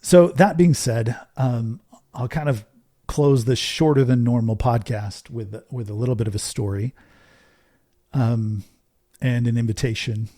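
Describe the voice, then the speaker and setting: Man, middle-aged, podcast host, earnest storyteller, warm mellow tone, dry close sound. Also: medium pitch, measured pace, dry recording. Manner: earnest, storytelling, fond of rhetorical "right?". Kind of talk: casual podcast monologue.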